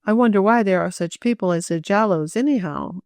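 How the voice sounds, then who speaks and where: A woman's voice: mid-range voice, brisk, a little mellow, no room sound, studio quality, lightly acted. A woman voicing a fretful young girl in a storybook, speaking with a sighing, worried manner.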